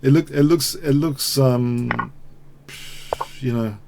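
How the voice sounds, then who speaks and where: A man's voice: medium pitch, slow pace, creaky, a little mellow, slight background noise. A man commentating his own online chess games, thinking aloud with wry, self-mocking asides. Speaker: chess streamer. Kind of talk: live commentary while playing.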